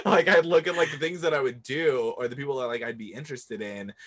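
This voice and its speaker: A man's voice: mid-range voice, fast talker, a loud crowd. Upbeat young man hosting a podcast. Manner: energetic, laughs often, many fillers. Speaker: podcast host. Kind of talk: casual chat. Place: bar he owns.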